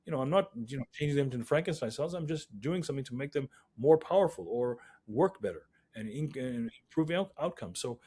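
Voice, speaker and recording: A male physician, a guest in an interview, telling stories in an animated, emphatic way. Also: mid-range voice, fairly quick, hardly any pauses, husky. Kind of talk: interview storytelling.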